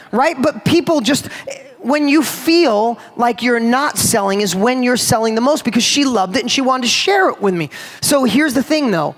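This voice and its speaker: High-voiced energetic man on stage. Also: normal speed. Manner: energetic, emphatic, addresses crowd directly. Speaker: motivational speaker. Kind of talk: live stage talk to an audience. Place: large event hall before a live audience.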